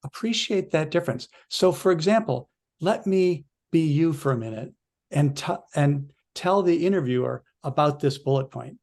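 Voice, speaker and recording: A male coach telling an animated story in a casual podcast chat, with frequent restarts. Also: a little high, moderate pace.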